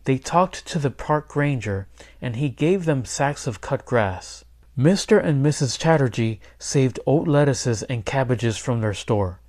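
A man, a teacher, reading a children's picture book aloud in clear, steady storytelling. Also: mid-range voice, unhurried. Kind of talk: children's read-aloud narration.

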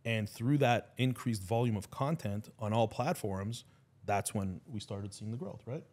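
A man with a fairly low voice, chatting as a podcast guest. He tells his story with energy and acts out the lines of the people he quotes. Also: a little slow, darkish tone. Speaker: guest, business partner and husband. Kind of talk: casual podcast conversation.

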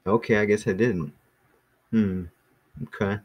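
A man teaching a small class in a relaxed, rambling way, with many ums and restarts. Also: on the low side, measured pace. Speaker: Greek teacher.

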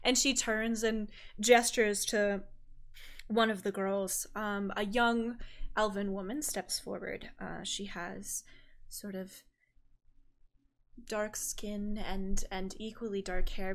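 A woman's voice: medium pitch, flat delivery, slow pace. A woman narrating as game master of a tabletop game, describing scenes playfully with casual fillers.

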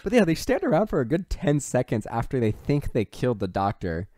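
A man co-hosting a podcast, casually retelling a film's plot with swearing and quick quoted lines from the characters. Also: mid-range voice. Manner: profane, animated retelling with put-on character quotes. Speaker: podcast co-host. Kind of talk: casual movie recap chat.

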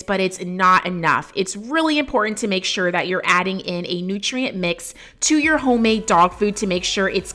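A young woman talking through a home dog-food recipe in an upbeat, enthusiastic vlog style, with sponsor mentions. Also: bright, forceful tone. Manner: upbeat, enthusiastic, high sing-song baby talk to her dogs. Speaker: vlogger. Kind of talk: casual vlog narration with sponsor read.

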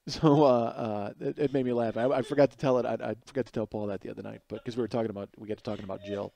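A man in his forties talks solo on his podcast in a loose, rambling way, full of fillers and asides. His voice sits at an average pitch and then jumps up high and loud whenever a story gets him worked up. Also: fairly even intonation, racing, gravelly. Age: 40s. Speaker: podcast host. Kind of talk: casual comedic monologue.

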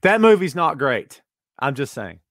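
A man's voice: fairly high pitch, a little slow, dry recording, studio quality. A man hosting a casual podcast, reading listener comments and answering them with sarcastic asides. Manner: sarcastic, animated, jumps from loud asides to muttering. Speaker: podcast host.

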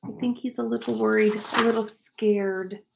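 A woman teacher reading a picture book aloud to young children, gently asking them questions. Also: fairly high pitch, steady tone, moderate pace, creaky, slight background noise. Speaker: preschool teacher.

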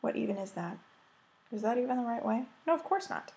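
A woman's voice: fairly high pitch, sing-song, a little fast, gravelly, darkish tone. An American woman chatting casually as she shows her cross-stitch projects, rambling and gushing over them. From United States. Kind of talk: casual show-and-tell chat.

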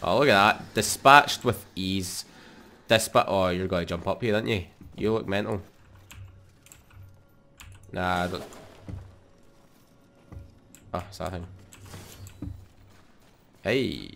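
A young Scottish man giving sweary, excitable let's play commentary into a desk mic. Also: low-pitched, a little slow, creaky, long pauses, a little hiss or hum. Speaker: gaming YouTuber.

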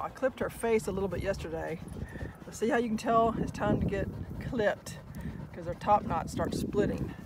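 Chatty woman at a dog park. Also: very noisy. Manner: chatty, praises her dogs in a high sing-song. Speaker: dog vlogger. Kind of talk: casual vlog chat at a dog park. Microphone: action camera.

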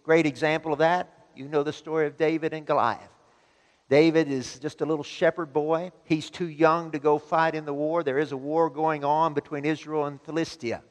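A man preaching a sermon as pastor, emphatic and building to loud exhortation. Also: a little high, level tone, normal speed. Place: church sanctuary. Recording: long church reverb.

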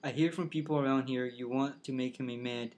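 A man's voice: mid-range voice, fairly even intonation, fairly quick, darkish tone, natural voice. A man reading as a condescending sheriff. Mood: interrogating. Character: stern middle-aged white male Southern sheriff, condescending.

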